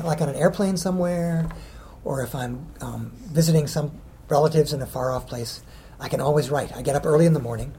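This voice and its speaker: A man's voice: mid-range voice, mellow, slight background noise. A middle-aged man, a children's poet, answering interview questions casually, rambling and hesitant with many ums.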